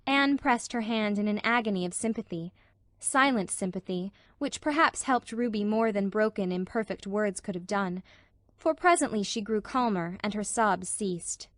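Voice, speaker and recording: A woman narrating a classic novel as an audiobook in measured, even storytelling. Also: medium pitch, no echo, clean studio sound. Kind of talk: scripted narration.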